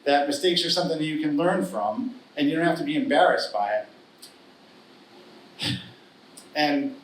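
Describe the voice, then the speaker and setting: A man's voice: on the high side, moderate pace. A middle-aged man telling a true story at a live story slam, wry, earnest and humorous. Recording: roomy live hall, distant mic.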